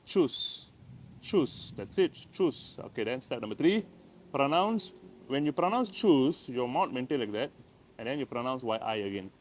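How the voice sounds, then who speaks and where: A man's voice: mid-range voice, animated, normal speed, slight background noise. A man with a Malaysian English accent giving a casual, playful language lesson, recorded on a handheld camera by the door of a house. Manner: chatty, playful, repeats words. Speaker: language teacher. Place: by the door of a house, outside in the rain.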